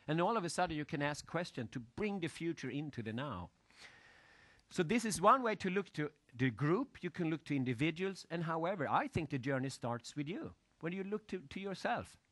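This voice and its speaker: A man lecturing an audience with lively storytelling, asking questions and using loose, broken grammar. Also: fairly high pitch, dry recording. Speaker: motivational speaker.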